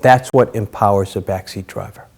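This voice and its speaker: A man's voice: lowish voice, fairly even intonation, moderate pace, gravelly, darkish tone. A middle-aged man giving a dharma talk as a Zen teacher, telling stories casually with many fillers.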